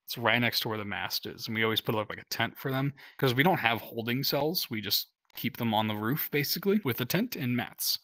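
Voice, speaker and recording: A man's voice: mid-range voice, animated, brisk, hardly any pauses, sharp tone, no room sound. A man from the United States, a Coast Guard veteran, casually telling stories full of "like" and "um" fillers, laughing now and then. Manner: rambling, heavy use of "like" and "um" fillers. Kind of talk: casual storytelling.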